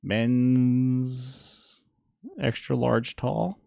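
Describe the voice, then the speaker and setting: A man's voice: medium pitch, level tone, extremely slow, gravelly, warm tone, no room sound, clean studio sound. Man doing a fussy little gnome shopkeeper. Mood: chatty. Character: small male gnome shopkeeper, fussy and chatty.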